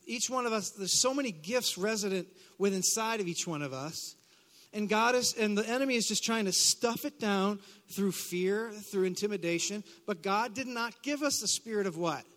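High, bright-voiced preaching pastor. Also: male voice, normal speed. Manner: call-and-response, leading the congregation in declarations; conversational asides with bursts of shouting. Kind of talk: live sermon. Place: church sanctuary. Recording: long hall reverb.

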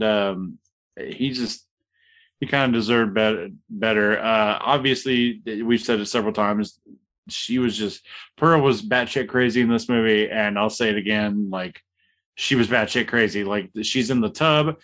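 A man's voice: fairly low pitch, normal speed, fairly bright tone. A man co-hosting a casual movie review podcast, arguing his side hesitantly with restarts and sheepish laughs. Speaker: podcast co-host.

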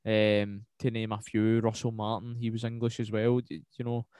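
Young Scottish podcast co-host, casual football talk, loose and sweary, dry close sound. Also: male voice, lowish voice, normal speed, smooth, no room sound. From Scotland. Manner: swears freely, rambling and animated.

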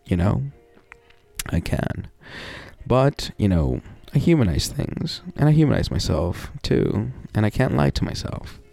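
A man with a low, gravelly voice talks slowly through a casual personal monologue. He rambles, fills gaps with "you know" and swears often. The sound is dry and close. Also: big pitch swings, mellow, no echo, soft background music. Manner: reflective, wry, sighs and laughs between thoughts.

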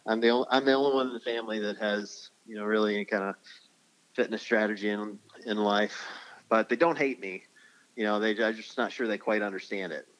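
A man's voice: lowish voice, fairly even intonation, fairly quick, rough recording. Laughing middle-aged man telling rambling stories. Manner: laughs often, rambling storytelling answers. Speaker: guest. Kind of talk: casual podcast interview.

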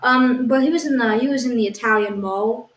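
Woman cohost insisting on silly stuff with a straight face, lots of ums, fairly high voice, echoey. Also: a little fast, fairly bright tone. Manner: hesitant, insisting on absurd claims with a straight face. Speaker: podcast co-host. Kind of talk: improvised comedy banter. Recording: echoey room.

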